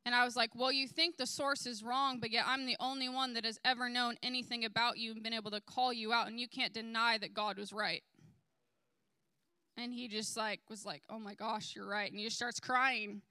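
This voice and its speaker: A young woman telling a personal faith testimony, animated and acting out dialogue as she recounts conversations. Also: fairly high pitch, a little fast, smooth, dry recording. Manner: animated, quotes dialogue with "I was like". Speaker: testimony speaker.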